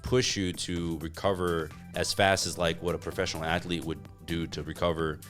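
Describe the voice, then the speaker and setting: A man speaking as a podcast guest in casual interview chat, relaxed and full of "like" fillers. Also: deep voice, moderate pace, soft background music. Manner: relaxed, filler-heavy talk with frequent "like". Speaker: podcast guest, gym co-founder.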